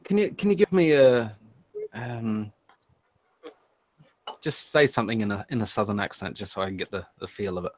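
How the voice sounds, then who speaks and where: A man's voice: lowish voice, moderate pace, pauses often, darkish tone, a little hiss or hum. A man co-hosting a casual podcast, joking and laughing a lot, often hesitant. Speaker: podcast co-host. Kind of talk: casual banter.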